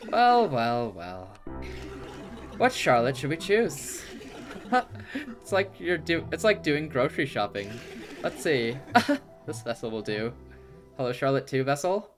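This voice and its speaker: A male streamer reading a story game aloud and breaking into eager, excitable commentary. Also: on the high side, normal speed, soft background music. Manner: reads game text aloud, then breaks into excitable chatter.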